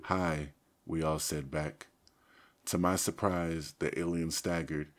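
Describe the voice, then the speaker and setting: Male audiobook narrator, low voice, steady first-person reading. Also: unhurried.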